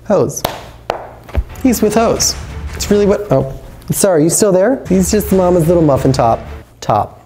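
A male comedian playing a paranoid, overprotective middle-aged mother who frantically spins wild theories and lets out shrill outbursts. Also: a little mellow. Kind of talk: comedy sketch acting.

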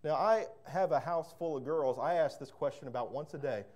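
A man's voice: a little high, brisk, darkish tone. A man preaching a sermon as pastor, fervent and emphatic, repeating words and breaking into storytelling asides.

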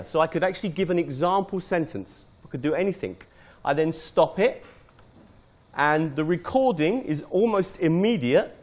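A man's voice: high-pitched, expressive, moderate pace. A middle-aged British man, a teacher trainer, giving an informal step-by-step live demonstration of a teaching tool. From Britain.

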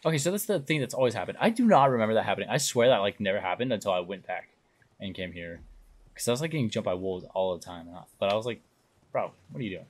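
A young man streaming a game live, chatting along casually and breaking into loud excited exclamations. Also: on the low side, very fast. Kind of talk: live gameplay commentary.

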